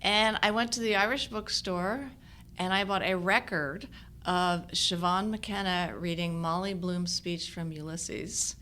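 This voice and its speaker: A woman in her sixties, an actress telling stories from her career in a relaxed chat, laughing often. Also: fairly low pitch, measured pace, slight background noise. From United States. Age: 60s. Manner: animated storyteller, laughs often. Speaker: actress guest. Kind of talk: casual conversation.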